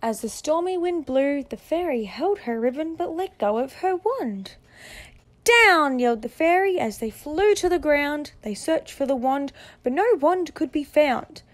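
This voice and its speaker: A woman reading a picture book aloud, with expressive storytelling. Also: sits high, normal speed. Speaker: narrator.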